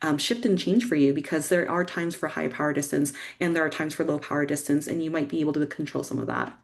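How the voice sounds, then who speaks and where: A woman with a notably low voice co-presents a training session. She reflects on her own work experience in a casual, conversational way, often tagging her points with a quick "right?". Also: fairly even intonation. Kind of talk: reflective personal example.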